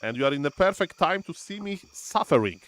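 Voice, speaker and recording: Guy casting his own strategy match live, animated, faint noise behind. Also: a little high, fairly quick. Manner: animated, often says "ladies and gentlemen", thinks aloud with fillers. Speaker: streamer commentating his own game. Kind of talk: live gameplay commentary.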